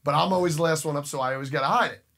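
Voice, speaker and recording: A man co-hosting a podcast, telling a story excitably and swearing, getting loud at the punchlines. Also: on the high side, very fast. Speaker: podcast co-host. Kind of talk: casual chat. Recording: group chatter in the background.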